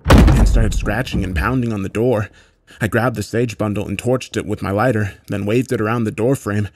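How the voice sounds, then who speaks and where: A man narrating a horror story in a measured, matter-of-fact way, with occasional swearing. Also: lowish voice, steady tone, a little mellow, a little hiss or hum.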